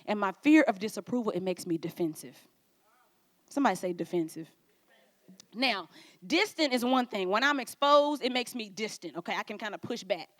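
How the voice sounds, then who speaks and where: A woman pastor preaching at a conference, playful and animated, acting out little quoted exchanges. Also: medium pitch, moderate pace. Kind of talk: sermon. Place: conference stage.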